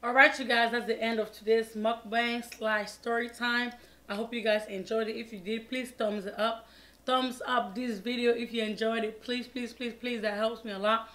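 A woman's voice: fairly high pitch, level tone, moderate pace, background noise. Chatty woman vlogger eating on camera. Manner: chatty, repeats pleading words, mumbles while eating. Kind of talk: casual mukbang storytime vlog.

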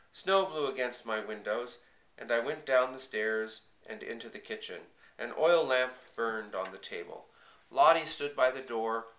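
A man reading a first-person children's story aloud, in a quiet, measured and earnest way. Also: lowish voice, reverberant. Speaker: audiobook reader.

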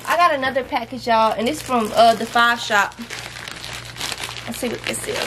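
A woman's voice: a little high, moderate pace, a bit bright. A young woman, chatting to viewers in a casual haul vlog and scolding her toddler now and then. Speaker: vlogger. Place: home. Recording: noisy home recording.

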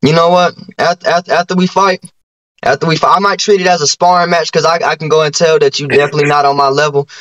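A man's voice: fairly high pitch, steady tone, fast, fairly bright tone. A man on a video call trading boastful trash talk with a rival, often stumbling and restarting his sentences. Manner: boastful, rhyming brags, stammering restarts. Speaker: YouTuber challenging a streamer.

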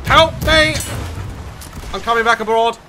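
A man giving loud, excitable comedic commentary over gameplay, shouting and swearing as he plays, at times in a fake-posh voice. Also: very high-pitched, a little slow. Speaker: gaming YouTuber. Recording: noisy game audio behind.

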